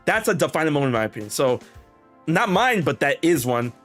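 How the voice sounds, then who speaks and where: A young man hosting a podcast, telling a long story in a rambling, animated way with many restarts and quoted dialogue. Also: a little high, a little fast, faint music behind. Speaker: podcast host. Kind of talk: casual storytelling chat.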